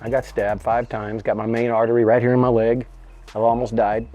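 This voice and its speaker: A middle-aged man telling a story in casual interview chat, animated and profane, his voice jumping up high when he acts out scenes. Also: a little fast, faint music behind. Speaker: interview guest.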